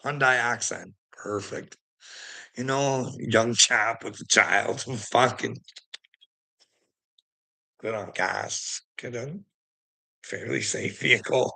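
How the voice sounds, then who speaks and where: A man's voice: medium pitch, slow, vocal fry, long pauses, sharp tone. A man ranting casually to his viewers, swearing constantly, rambling and laughing between thoughts. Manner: profane, rambling, laughing often.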